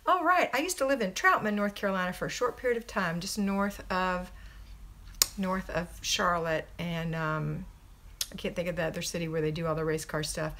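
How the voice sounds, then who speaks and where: In a voice on the lower side, fairly bright and at a normal pace, a middle-aged American woman hosts a casual livestream from home. As a homemaking coach, she says hello to viewers by name and offers upbeat, conversational tips on running a household.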